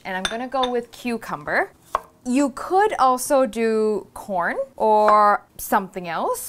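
A woman's voice: mid-range voice, a bit bright, slight background noise. A woman hosting a cooking show, walking through a recipe step by step in a casual, upbeat, chatty way.

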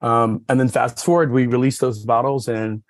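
A man's voice: steady tone, moderate pace, no room sound. Chatty man, dry close mic. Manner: rambling storyteller, many fillers like "you know" and "like"; acts out quoted dialogue with raised pitch. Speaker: podcast guest, sommelier. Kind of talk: casual chat.

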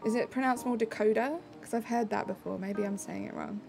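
A woman's voice: mid-range voice, steady tone, quick pace, creaky, a little mellow. A young woman live streaming, answering chat messages in a bubbly, casual way.

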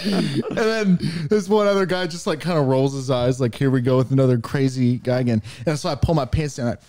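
Animated man improvising a wild story. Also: mid-range voice, a little fast. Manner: animated, bursts into shouted character lines. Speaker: podcast co-host.

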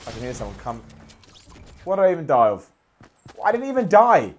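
Brief: games journalist, slightly high voice, lively self-mocking play-by-play. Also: male voice, brisk, pauses often, background noise. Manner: self-deprecating, swearing, muttering to himself. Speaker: games journalist playing a video game. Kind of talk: gameplay commentary.

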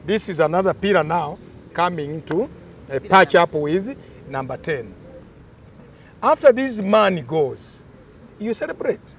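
A man's voice: high-pitched, animated, a little slow, pauses often, a little hiss or hum. An older man, explaining cultural traditions in an emphatic, storytelling way during an interview.

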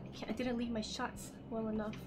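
A woman hosting a gaming channel, chatting casually with friends over a match; she gets excited fast, laughs a lot and swears freely. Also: a little high, noisy background. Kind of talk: casual gameplay chat with friends.

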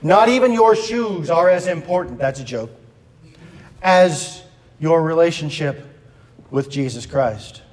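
A man with a high voice preaches slowly and deliberately in a church sanctuary. He is earnest with his congregation and drops in wry asides. His voice rings with long reverb from the room. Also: expressive. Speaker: pastor. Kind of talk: sermon.

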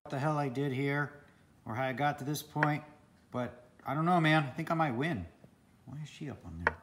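A man's voice: mid-range voice, normal speed, a bit bright, a little hiss or hum. A man talking casually to camera at home in a vlog, chatty, often laughing and muttering to himself. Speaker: vlogger. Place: home indoors.

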